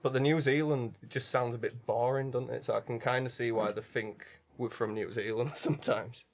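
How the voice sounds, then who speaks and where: A man's voice: medium pitch, steady tone, normal speed. A young man with a Yorkshire accent, co-hosting a podcast in casual chat and laughing through his stories. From England. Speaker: podcast co-host.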